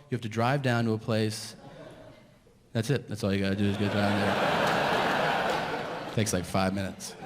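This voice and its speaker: A man doing a stand-up set, telling a story and acting out the voices. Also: mid-range voice. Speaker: stand-up comedian. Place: theater stage. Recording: echoey live hall with audience noise.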